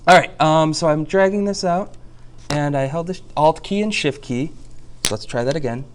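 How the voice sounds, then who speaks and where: Man, software teacher, casual and jokey, narrates every click, screen-recorded lesson. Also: a little high, normal speed. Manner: chatty, jokey, talks through each click.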